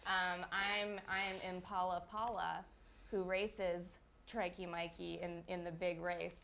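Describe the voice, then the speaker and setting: A woman co-hosting a live show from a studio, telling stories in a rambling, excitable way. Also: lowish voice, takes it slowly, gravelly, a little hiss or hum. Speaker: co-host. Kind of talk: casual live-stream chat.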